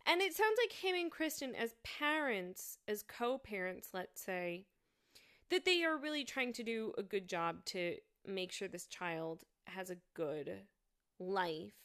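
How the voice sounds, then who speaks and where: A woman talking through her reactions to a show in a thoughtful, halting way, with frequent fillers and restarts. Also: mid-range voice, animated, a bit bright, clean tone. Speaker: commentator reviewing a show. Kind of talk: casual spoken commentary.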